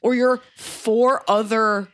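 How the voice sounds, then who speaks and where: A woman co-hosting an advice podcast, blunt and wry, given to quick rants. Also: on the high side, fairly even intonation, a bit bright. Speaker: podcast co-host. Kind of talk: casual advice podcast chat.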